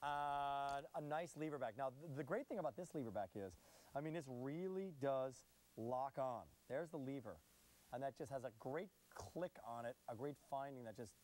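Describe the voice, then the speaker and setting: A man's voice: mid-range voice, animated, moderate pace, a little mellow. A man hosting a live shopping channel broadcast in an upbeat, chatty sales patter.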